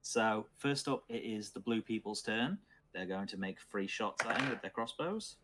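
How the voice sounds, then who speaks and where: A man acting as dungeon master, calmly narrating dice rolls and the action of a tabletop game. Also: lowish voice, normal speed.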